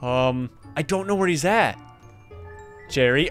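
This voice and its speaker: A man's voice: fairly high pitch, measured pace. A young man doing let's-play commentary of a horror game, talking to viewers and yelping at every scare. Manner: excitable, yelps and shouts at scares; talks to viewers as "you guys". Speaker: gaming YouTuber. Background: game music.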